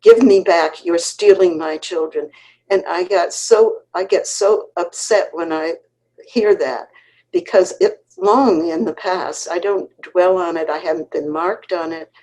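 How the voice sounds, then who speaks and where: Older woman author, 80s, low warm tone, unhurried earnest storyteller, video call. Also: fairly even intonation, poor audio. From Connecticut, USA. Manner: unhurried, frequent restarts and pauses, earnest. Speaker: author, interview guest. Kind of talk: reminiscing conversational storytelling.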